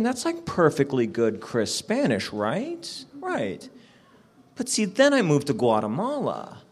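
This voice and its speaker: Animated man telling comedy stories. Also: sits high, husky. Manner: animated, says "like" constantly. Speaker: comedian guest. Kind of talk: live stand-up storytelling. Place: live comedy show stage.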